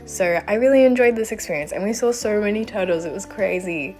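A woman with a nasal voice from a cold, chatting upbeat and excited as a travel vlogger. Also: medium pitch, fairly quick, faint music behind. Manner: bubbly, upbeat, lots of "like" and "so excited". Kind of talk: casual travel vlog chat.

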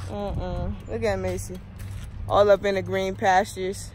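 Slow, playful woman vlogger. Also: medium pitch, level tone, noisy background. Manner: playful baby talk and teasing banter. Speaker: family vlogger. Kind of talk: casual vlog chat. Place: outdoors on a walk.

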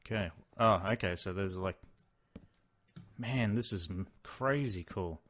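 An excitable young man talks through his gameplay in a loose, casual way. His voice sits a little low, and he swings between quiet muttering and sudden shouts of surprise. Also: unhurried, a little hiss or hum. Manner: excitable, exclaims and mutters to himself while playing. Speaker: Let's Play host.

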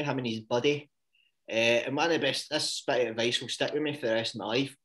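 A man's voice: medium pitch, fairly even intonation, fairly bright tone. Sweary Scottish man chatting on a podcast. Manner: rambling, sweary, quick to laugh. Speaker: podcast co-host. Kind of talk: casual podcast chat.

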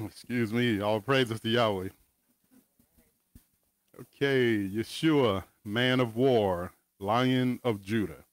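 A man's voice: medium pitch, no echo. A man giving a conversational Bible teaching over a video call, reading verses with casual asides. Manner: casual, asides and chuckles between scripture readings.

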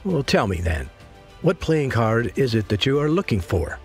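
A man voicing a polite but shrewd young male warrior who speaks in a measured way. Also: mid-range voice, sing-song, faint music behind. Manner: polite, turning cold and guarded.

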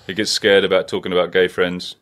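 A man's voice: sits low, flat delivery, quick pace, fairly bright tone. A man hosting a podcast in casual chat, blunt and sweary. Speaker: podcast host.

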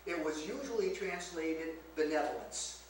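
A man's voice: a little high, expressive, moderate pace. A man preaching a teaching sermon to a congregation, asking them rhetorical questions as he explains scripture. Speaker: pastor teaching a Bible lesson. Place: church sanctuary. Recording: very echoey church, mic far off, faint hiss.

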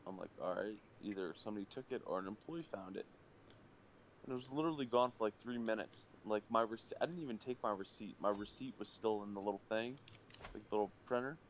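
At his desk microphone, a male live streamer with a lowish voice talks fast in casual chat, telling a heated anecdote packed with profanity. A little hiss or hum sits in the background.

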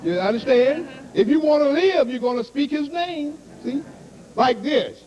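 A man's voice: very high-pitched, expressive, a little slow, a little mellow, lo-fi sound, slight background noise. A man preaching a sermon to a congregation, constantly asking "see?" and "you understand?".

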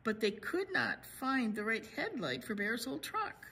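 Woman, children's librarian, reading aloud, lively pitch, unhurried. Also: breathy edge. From United States. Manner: animated, chatting to children about the pictures. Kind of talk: children's story read-aloud.

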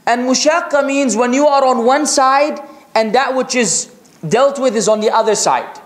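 A man preaching a religious lecture, reciting Arabic scripture rapidly and asking rhetorical questions. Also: very high voice, reverberant. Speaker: Islamic preacher.

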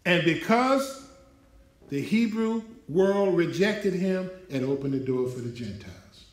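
A male pastor preaching an emphatic sermon, his voice rising in pitch as he drives points home to a responding congregation. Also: animated, a little slow. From United States. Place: church hall. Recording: echoey hall from far off.

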